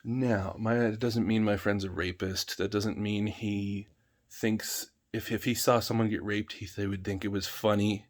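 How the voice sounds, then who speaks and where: A man's voice: on the low side, little pitch movement, measured pace. A man ranting in a vlog, heated, emphatic and full of swearing. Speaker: vlogger.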